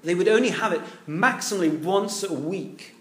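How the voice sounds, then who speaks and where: A man preaching a sermon to a congregation, animated, acting out the quoted voices and putting questions to his listeners. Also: sits high, normal speed. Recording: echoey hall.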